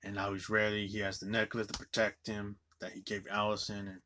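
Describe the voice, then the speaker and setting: A man's voice: lowish voice, monotone, a little fast, background noise. A man giving a loose, rambling movie recap, swearing casually as he goes. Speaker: movie reviewer.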